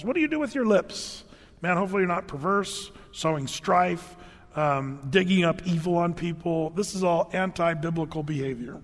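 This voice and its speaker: A man preaching a conversational verse-by-verse sermon, reading scripture aloud and swinging between hushed and loud. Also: on the high side, animated, moderate pace. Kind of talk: sermon, verse-by-verse Bible teaching. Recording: long reverb of a large hall.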